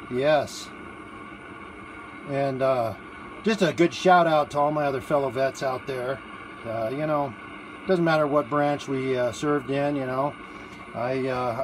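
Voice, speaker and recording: A man chats casually into a phone held in one hand, standing outdoors at a grill. His talk rambles with fillers and restarts at a middling pitch. A faint outdoor hum sits behind him. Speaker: livestreamer taking a food challenge. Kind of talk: casual live-stream chat. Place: outdoors at a barbecue grill in the evening.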